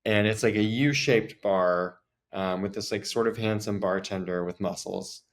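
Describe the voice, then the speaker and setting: A man with a fairly low voice tells a story as a podcast host. He talks in a loose, chatty way and fills his sentences with "like" as he goes. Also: normal speed, a little hiss or hum. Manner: chatty, frequent "like" fillers. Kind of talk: casual storytelling.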